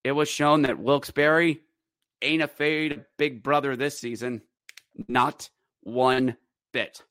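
A man's voice: mid-range voice, steady tone, slow pace, fairly bright tone, no echo, clean studio sound. A man hosting a fan podcast, recapping hockey games in play-by-play style with wry, bitter sports-fan humor. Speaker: podcast host.

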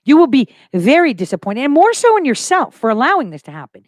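A woman's voice: high voice, very animated, fast talker, dry recording, clean studio sound. A woman hosting a casual livestream, speaking emphatically with conviction and repeating phrases for stress. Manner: insistent and full of conviction. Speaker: livestream host.

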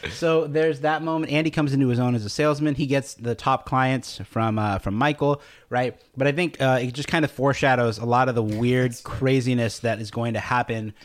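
A man co-hosting a podcast in casual chat, retelling scenes with animated quotes and frequent laughter. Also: medium pitch, a little fast, few pauses. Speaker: podcast co-host.

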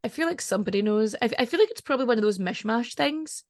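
Chatty Scottish woman with a gravelly edge. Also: a little high, lively intonation, fast talker, no room sound, clean studio sound. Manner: chatty, digressive, laughs often. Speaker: podcast host. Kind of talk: casual chat.

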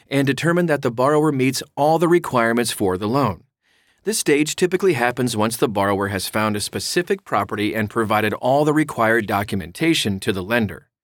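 A man's voice: medium pitch, no room sound, clean studio sound. Man explaining mortgages step by step. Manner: clear, instructive, with casual asides. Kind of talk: reading an explainer aloud.

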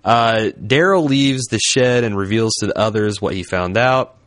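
Male podcast co-host, low voice, dry close sound, wisecracking casual chat. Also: normal speed, fairly bright tone, no room sound. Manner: wisecracking, reads a spoiler synopsis aloud.

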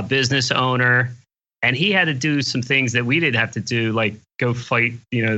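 An older man speaks as a podcast guest, easygoing and plain-spoken. His voice is bright and forward at a middle pitch. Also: dull audio. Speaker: guest investor. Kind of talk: casual interview chat.

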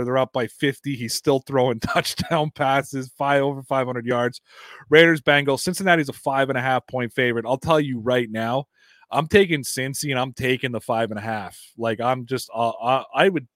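Male co-host, loose joking sports banter, dry close sound, medium pitch. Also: moderate pace, no room sound. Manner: joking, animated, swears. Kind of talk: casual sports chat.

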